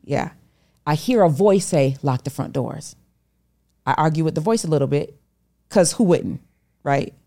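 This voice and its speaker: A woman's voice: sits low, lively intonation, moderate pace, pauses often, warm tone. A middle-aged woman, a podcast guest, telling a personal story animatedly and acting out the voices she quotes. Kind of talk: storytelling interview talk.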